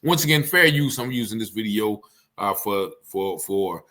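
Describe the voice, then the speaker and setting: A man giving casual commentary, animated and rambling, often acting out what people said. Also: fairly low pitch, moderate pace. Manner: animated, rambling, acts out quotes.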